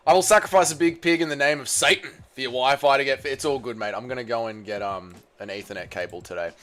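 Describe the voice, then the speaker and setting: A man's voice: mid-range voice, brisk, a bit bright. A young Australian man livestreaming, casually reading his chat and bantering back with swearing and mock-patriotic ribbing. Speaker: streamer.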